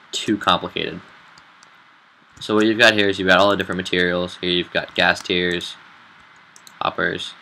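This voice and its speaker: A man who admins a game server, walking through a build in a casual tutorial, relaxed and halting with fillers. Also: deep voice, slight background noise, poor audio.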